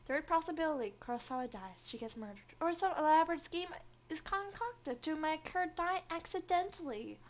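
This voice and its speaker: A woman's voice: high voice, expressive, moderate pace, lo-fi sound. A young woman streaming a game, reading its story lines aloud and chatting with viewers between them, laughing often.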